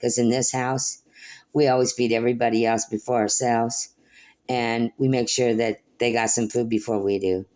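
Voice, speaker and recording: A woman's voice: rumbling low, flat delivery, normal speed. An older woman from Oregon talking into her phone, rambling through an emotional spiritual monologue. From Portland, Oregon. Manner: emotional, preachy, swings between soft and loud; talks baby-talk to her dog. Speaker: vlogger.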